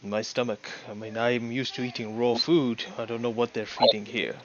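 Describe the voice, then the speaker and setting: A man playing a tabletop game, speaking his character's lines briskly. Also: mid-range voice, flat delivery, highs cut off, slight background noise. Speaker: player. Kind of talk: in-character tabletop role-play.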